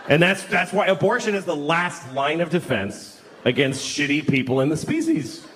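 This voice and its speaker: A man's voice: a little high, very animated, normal speed, fairly bright tone, a little hiss or hum. A middle-aged man doing crude, mocking stand-up comedy and acting out other people's voices. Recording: live show with crowd laughter.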